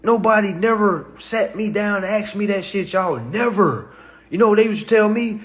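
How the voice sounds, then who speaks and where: A man hosting a casual livestream, talking emphatically and tagging his points with all right and okay, shifting from low-key talk to loud animated bursts. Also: moderate pace. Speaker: livestream host.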